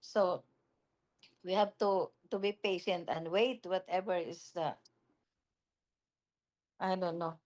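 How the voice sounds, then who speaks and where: Halting, reassuring woman on a video call. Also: lowish voice, steady tone, darkish tone. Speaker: local office leader answering questions. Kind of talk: casual explanation on a call. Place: small office kitchen.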